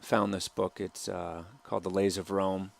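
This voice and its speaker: Low gravelly man, hesitant director. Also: level tone, moderate pace. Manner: soft-spoken, hesitant with many ums and uhs. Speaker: film director. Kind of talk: commentary over a film trailer.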